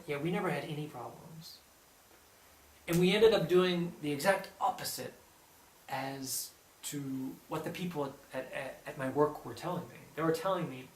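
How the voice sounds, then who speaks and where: A man telling a personal anecdote in a casual, animated way, quoting others in lively bursts. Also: fairly high pitch, moderate pace. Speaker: storyteller. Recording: roomy echo, distant mic, faint background hum.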